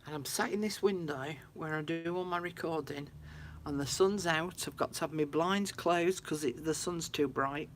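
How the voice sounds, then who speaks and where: A woman's voice: low-pitched, normal speed, hardly any pauses, slight background noise. A woman chatting casually to viewers on a craft livestream from her room at home. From United Kingdom. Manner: chatty, talks to viewers, frequent laughs.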